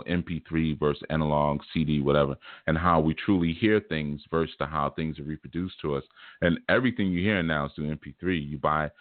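A man's voice: very deep voice, no echo. A man hosting a spiritual teaching show, talking in a casual, laid-back, streetwise way and often repeating his phrases. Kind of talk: casual livestream talk. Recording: tinny phone-like dry sound.

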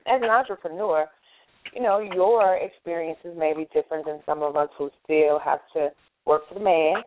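A woman's voice: sits low, normal speed, a little hiss or hum. Chatty woman host on a tinny line. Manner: chatty, laughing often. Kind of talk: casual chat. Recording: tinny phone-like call audio.

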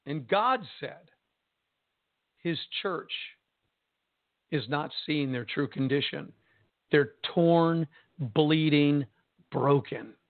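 A man preaching a sermon in a slow, emphatic and impassioned way, repeating his phrases for effect. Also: a little high, no echo. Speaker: pastor. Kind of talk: sermon on radio broadcast. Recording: tinny phone-line broadcast.

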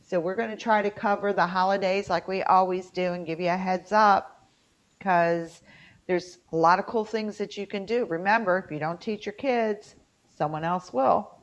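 A woman's voice: medium pitch, normal speed. A middle-aged woman with an Appalachian twang, co-hosting a casual chat and telling stories with lots of fillers. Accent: Appalachian mountain twang. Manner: chatty storyteller, lots of fillers. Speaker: co-host. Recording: muffled lo-fi audio.

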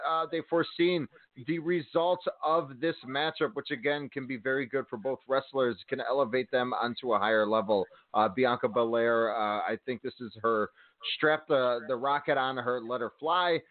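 A man's voice: medium pitch, no room sound. A man co-hosting a sports radio show, talking wrestling in a rambling way with many ums and uhs. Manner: rambling, many fillers and restarts. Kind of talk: casual wrestling talk. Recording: tinny phone-line sound.

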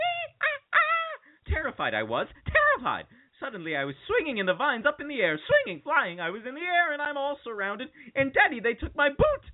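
A man voicing an excitable young jungle woman who tells her daddy a story, with breathless squealing and monkey noises. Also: extremely high pitch, voice pushed up, heavily acted. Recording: phone-like narrow sound.

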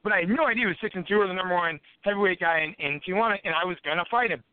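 A man, a podcast guest, telling rambling, profane stories in a casual, animated way. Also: high-pitched, racing, smooth, no room sound. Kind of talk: casual storytelling. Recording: tinny phone-like line, dry.

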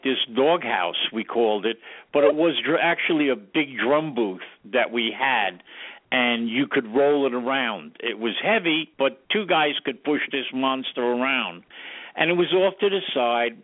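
A man, a former studio sound engineer, telling anecdotes casually in an interview and acting out the dialogue. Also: medium pitch. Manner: animated storyteller who acts out quoted dialogue. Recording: tinny phone-like radio audio.

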